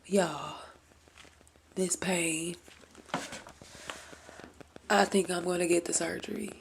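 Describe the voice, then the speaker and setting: A young woman talks straight to her camera in a candid, ranting vlog, swearing freely as she vents. Her voice has a gravelly, creaky edge, with a faint hiss of noise behind her. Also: on the low side, fairly even intonation, slow pace. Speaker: vlogger. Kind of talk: casual vlog rant.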